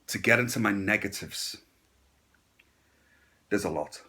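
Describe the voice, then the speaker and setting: A man's voice: lowish voice, a little slow, sharp tone. A man giving a casual, blunt and crude horror movie review, with sarcastic asides.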